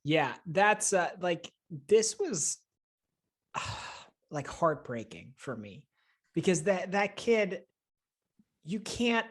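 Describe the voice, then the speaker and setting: Earnest halting podcast co-host. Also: mid-range voice, very animated, breathy edge. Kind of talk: casual chat.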